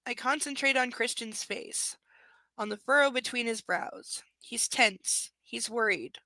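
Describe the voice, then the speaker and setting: Snarky woman with a gravelly, bright voice. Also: fairly high pitch, unhurried, dry recording. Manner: snarky, profane commentary between passages. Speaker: book reader. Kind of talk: live reading with sarcastic asides.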